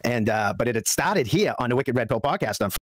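A man's voice: mid-range voice, animated, fast talker, no room sound, natural voice. A man playing a brash, crude podcaster character in a put-on Southern accent, rambling and boisterous. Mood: ranting. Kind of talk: ranting podcast monologue.

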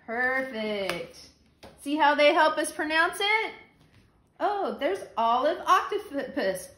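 A woman teaching a phonics lesson to young children, slow and patient, repeating the letter sounds. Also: high voice, expressive, fairly bright tone, roomy sound.

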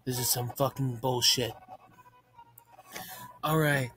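Guy muttering slow sweary gameplay commentary, kinda bright sharp voice. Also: mid-range voice, soft background music. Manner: profane, deadpan muttering over gameplay. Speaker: gaming channel host. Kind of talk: mock-ASMR gameplay commentary.

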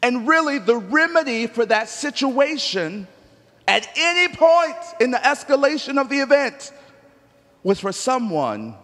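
A man preaching a sermon as pastor, animated, moving from quiet storytelling to shouting. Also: very high-pitched, a little slow, long reverb tail. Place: church sanctuary.

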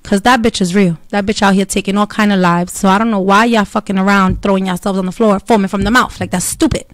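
A woman telling a story in blunt, profane, animated casual talk, with Spanish words dropped in. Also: mid-range voice, quick pace, no echo.

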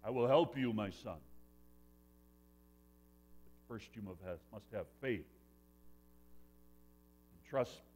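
Man doing a deep, solemn voice from above. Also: darkish tone. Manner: slow, commanding, grave. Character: deep, solemn voice calling from a canyon.

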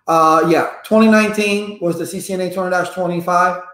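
A man's voice: high voice, fairly even intonation, brisk, a bit bright, roomy sound. A man running a live-streamed networking lesson, chatty and repetitive, stopping to greet viewers in the chat. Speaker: networking instructor.

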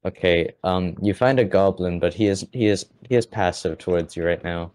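A man runs a tabletop game as dungeon master, his voice low and dark-toned. He narrates haltingly, circling back and filling gaps with ums and likes. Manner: halting, full of fillers and restarts.

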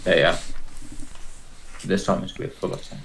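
A man's voice: deep voice, fairly even intonation, fairly quick, vocal fry, a little hiss or hum. A man as a player in a tabletop game, giving short matter-of-fact remarks. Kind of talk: casual tabletop game play.

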